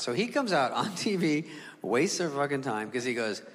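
A man's voice: medium pitch, very animated, brisk. A man from California doing a stand-up comedy set, exasperated and profane. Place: comedy stage before an audience. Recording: reverberant hall with laughing crowd.

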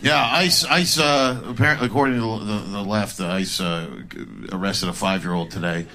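A man doing stand-up comedy in an animated way, acting out characters. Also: on the low side, fairly quick. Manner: animated, acts out characters in put-on voices. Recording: live room with audience crowd and noise. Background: audience laughter.

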